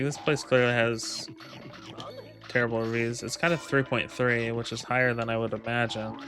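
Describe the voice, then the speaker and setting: A man's voice: medium pitch, a bit bright. A man casually telling a rambling, profane story, full of ums, laughs and quoted lines. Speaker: gaming video creator. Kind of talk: casual storytelling over gameplay.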